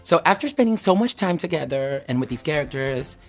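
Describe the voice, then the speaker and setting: A man's voice: fairly high pitch, expressive, a little fast. A man conducts a press interview with campy, effusive energy. He gushes and drops playful slang between questions. Faint music plays underneath. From Brazil.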